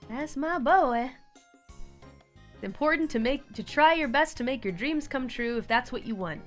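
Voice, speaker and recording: A woman hosting a relaxed live stream from home, chatting casually, laughing often and cooing at her cat. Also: a little high, fairly quick. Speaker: livestream host. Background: faint background music.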